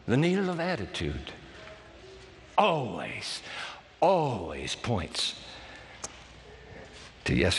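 A man's voice: fairly low pitch, fairly bright tone, big-room sound, a little hiss or hum. A man preaching a sermon as pastor, with dramatic, emphatic delivery and big swings in his voice.

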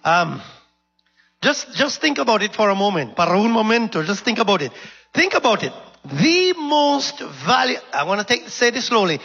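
A man who is a minister, preaching a sermon slowly and emphatically and asking the congregation questions. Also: high voice, very animated, sharp tone, breathy edge. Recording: dull sound with long hall reverb.

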